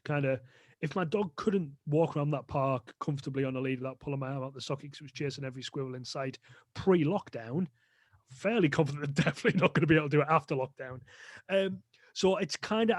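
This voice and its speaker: A man's voice: a little high, no room sound, studio quality. A man talking as a guest on a podcast, explaining dog training in a chatty way with lots of fillers. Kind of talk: casual podcast interview.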